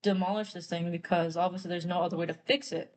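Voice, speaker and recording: A woman's voice: lowish voice, steady tone, fast, natural voice. A woman voicing an enraged, vengeful spiky male monster in a casual, offhand way. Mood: angry.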